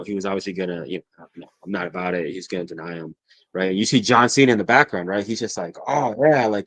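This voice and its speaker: Man, low register, rowdy excitable podcast guest, cusses a lot, dry close mic. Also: no room sound. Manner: excitable, profane, laughs often. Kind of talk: casual chat.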